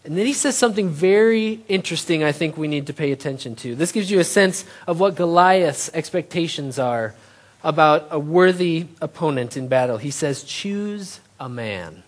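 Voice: medium pitch, moderate pace. A preacher giving a sermon, retelling a scripture story in plain everyday terms and asking the audience rhetorical questions.

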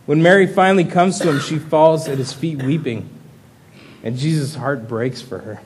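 A man's voice: fairly high pitch, normal speed, a little mellow, slight background noise. A man preaching an earnest sermon that rises into impassioned pleas.

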